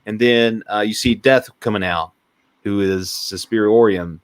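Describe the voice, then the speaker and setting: A man's voice: on the low side, a little slow, clean tone. A man co-hosting a podcast, chatting casually about a film, rambling and jokey as he retells scenes. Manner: rambling, jokey, animated storytelling. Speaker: podcast co-host. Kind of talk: casual movie discussion.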